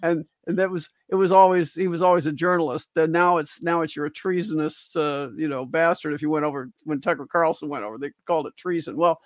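A woman's voice: low-pitched, fairly even intonation, fast, hardly any pauses, no room sound, studio quality. An older woman, a physician co-hosting a livestream discussion, talks in long rambling stretches full of restarts and asides, rising with emphasis on key points. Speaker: co-host physician.

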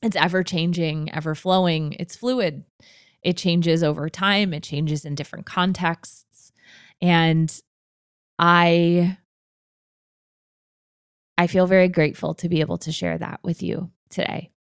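A woman's voice: lowish voice, fairly even intonation, measured pace, pauses often, clear, resonant tone, no echo, clean studio sound. A woman in her twenties hosting a podcast, telling a personal story in an earnest, open way. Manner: earnest and open, emotional at times. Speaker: podcast host.

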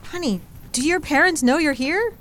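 A woman's voice: high voice, animated, moderate pace, a bit bright, slight background noise. A woman voicing a playful, easygoing mother of a grown daughter, who teases in a motherly way.

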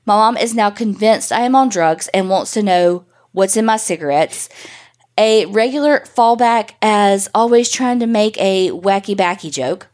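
A woman reading a listener's ghost story aloud with casual, swear-laden energy. Her voice sits in a middle pitch, and she tells the story in the first person, animated and loose. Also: a little slow.

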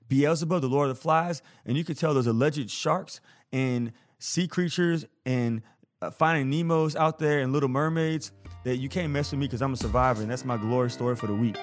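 A man in a podcast host's chair, spinning a personal tale in casual storytelling mode. He talks in a lively, playful way, acting out moments with plenty of self-deprecating humor. His pitch sits mid-range for a man. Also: a little fast, faint music behind. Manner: animated, playful storyteller who acts out scenes. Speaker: podcast host.

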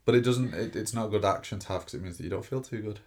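A man's voice: on the low side, racing, a little mellow. A man co-hosting a casual podcast while he has a cold, dry and mock-exasperated with his co-host.

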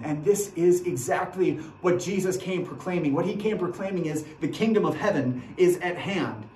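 A man preaching a sermon as pastor, earnest, repeating his phrases, dropping to a hush and then rising to a rousing call. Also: high voice, moderate pace, few pauses, slight background noise. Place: church sanctuary. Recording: echoey church from a distant mic.

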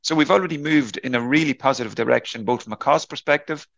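A man answering interview questions on a podcast, explaining at length in a halting way with frequent restarts and fillers. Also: mid-range voice, gravelly, fairly bright tone, no echo, lo-fi sound. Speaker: beef enterprise leader answering interview questions.

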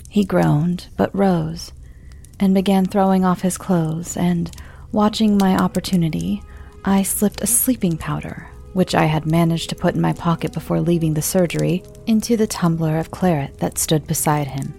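A woman narrating a classic ghost story in a measured, dark way, dropping into whispers for suspense. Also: fairly low pitch, gravelly, faint music behind.

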